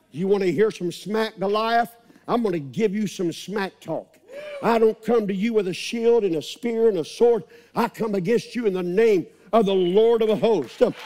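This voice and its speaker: A male pastor with a strikingly high voice delivers a sermon. He preaches with fire, shouting repeated refrains to rouse the congregation. He sounds middle-aged. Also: moderate pace.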